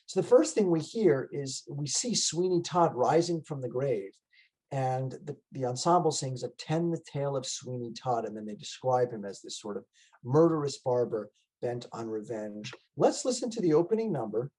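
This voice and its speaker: A man's voice: mid-range voice, expressive, normal speed, warm tone, breathy edge, low-quality recording. A man giving a conversational lecture on a musical, with frequent fillers and restarts. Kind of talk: casual lecture. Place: online library talk.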